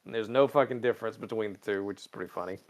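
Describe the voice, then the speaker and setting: A man hosting a casual podcast recap, swearing freely and jumping into quick character quotes with lively pitch swings. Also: a crowd in the background. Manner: animated, jumps pitch when quoting characters. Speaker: podcast host recapping episodes.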